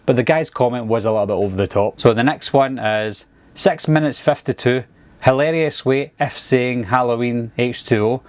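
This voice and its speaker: A man with a Scottish accent, talking casually to camera as a movie reviewer, relaxed and chatty. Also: mid-range voice, moderate pace, no echo. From Scotland.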